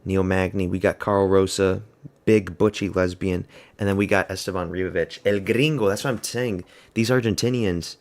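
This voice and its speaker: A man's voice: low-pitched, steady tone, moderate pace, darkish tone. A man giving casual, rambling live reaction commentary at a fight watch party, blunt and offhand. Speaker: MMA fan host of a watch party stream.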